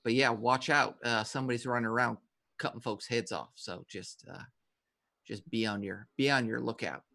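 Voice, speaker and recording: A man's voice: mid-range voice, steady tone, vocal fry, pushed and bright. Man doing a chatty small-town milkshake server. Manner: rambling, halting with fillers.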